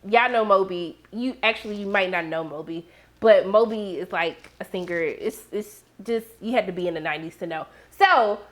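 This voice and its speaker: A young woman, giving a sassy, animated recap of a TV episode and acting out her reactions. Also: mid-range voice, moderate pace. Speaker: TV recap host. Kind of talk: casual recap commentary.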